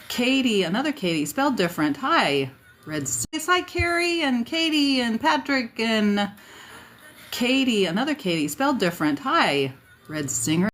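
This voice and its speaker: A South Dakota woman with a fairly high, slightly bright voice hosts a casual livestream, greeting viewers by name and chatting with fillers and asides. She sounds a bit tired at the end of the day, and faint music plays behind her.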